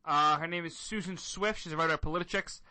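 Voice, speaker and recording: A man's voice: a little high, quick pace, pushed and bright, clean tone, no echo. A man in his twenties hosting a talk radio show, joking and teasing in casual banter. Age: 20s.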